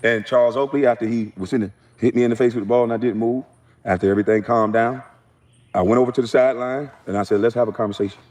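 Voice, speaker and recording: Blunt man telling his side, mellow voice. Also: mid-range voice, fairly even intonation, racing. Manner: blunt, dismissive, matter-of-fact. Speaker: former athlete in a played clip. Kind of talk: defiant storytelling.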